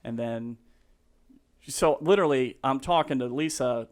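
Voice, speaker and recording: A man's voice: mid-range voice, unhurried. A man in his fifties, a realtor telling stories as a podcast guest in a rambling, laughing way with many fillers and restarts. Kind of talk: casual storytelling.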